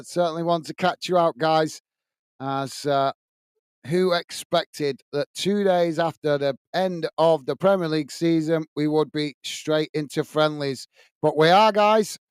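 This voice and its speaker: A man's voice: a little high, a little slow, smooth, dry recording, clean studio sound. A man hosting a football watch-along, chatting to viewers and reading out their messages in a friendly way, calling them mate. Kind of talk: casual live commentary and chat.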